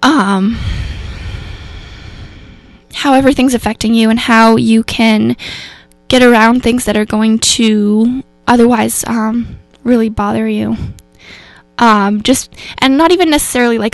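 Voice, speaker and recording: A woman radio host speaks in a loose, earnest, rambling way, often restarting her sentences. Her voice sits fairly high and has a gravelly edge. The studio sound is close and dry. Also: a little slow, no echo. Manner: rambling and earnest, many fillers and self-corrections. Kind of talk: casual spoken reflection on mental health. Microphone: radio studio microphone.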